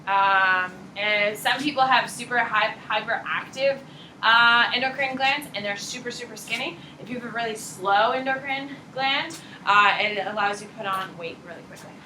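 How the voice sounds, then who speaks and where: Bright, animated woman teacher lecturing. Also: on the high side, normal speed, slight background noise. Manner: animated, casual, blunt with swearing. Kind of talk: classroom lecture. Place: classroom. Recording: echoey classroom from far off.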